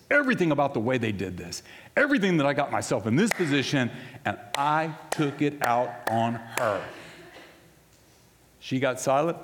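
A man preaching a sermon, telling a personal story in a conversational way that swings between loud outbursts and hushed moments. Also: mid-range voice, in a large hall, slight background noise. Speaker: pastor.

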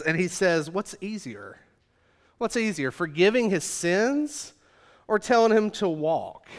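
A man's voice: fairly high pitch, a bit bright. A male preacher giving a sermon in a casual, joking manner, full of "like" and "uh". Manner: casual and joking, many fillers like 'like' and 'uh'.

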